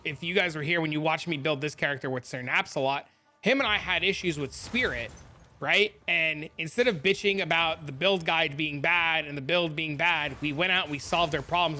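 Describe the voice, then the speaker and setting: A man's voice: on the high side, brisk, faint music behind. A man streaming live, chatting and ranting casually to his viewers while reading their comments aloud. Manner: animated, ranting, reads chat aloud.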